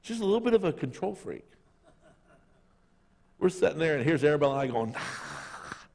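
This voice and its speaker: A middle-aged male pastor delivering a sermon with a lively, swooping voice that sits a little high. He tells jokey stories and acts out other people's lines. His voice rings out with a long hall reverb. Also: brisk, creaky. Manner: jokey storytelling, acting out voices. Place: church sanctuary.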